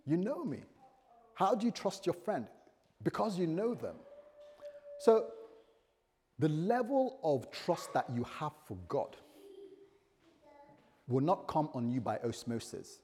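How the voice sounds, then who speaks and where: Male pastor, conversational and animated sermon, fairly high voice, long reverb of a church hall. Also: slow pace, pauses often. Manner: conversational, animated, acts out dialogues.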